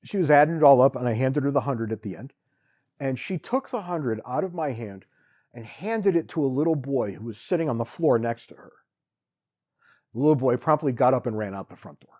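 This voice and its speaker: A man at an ordinary middle pitch tells his own travel stories in a loose, unscripted way. He is wry and relaxed and often circles back to restart a sentence. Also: a little fast. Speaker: podcast host telling travel stories. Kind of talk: casual storytelling monologue.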